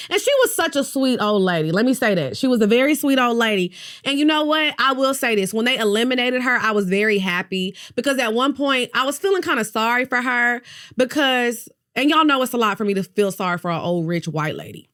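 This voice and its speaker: A woman's voice: high-pitched, expressive, fairly quick, bright, forceful tone. Woman, podcast host, casual gossip chat, candid, profane, playful.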